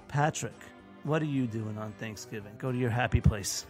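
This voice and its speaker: A man with a mid-range voice co-hosts a chatty podcast roundtable. He needles his friends with wry, teasing asides. Soft music sits faintly in the background. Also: medium pitch, moderate pace. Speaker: podcast co-host. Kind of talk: casual roundtable chat.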